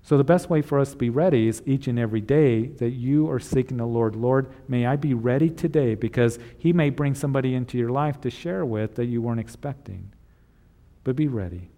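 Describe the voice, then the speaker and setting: A man preaching a sermon, reading scripture and retelling it in casual words, then gently encouraging his listeners. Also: medium pitch, brisk, in a large hall. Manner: retells scripture in casual paraphrase with acted voices; earnest, encouraging. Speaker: pastor.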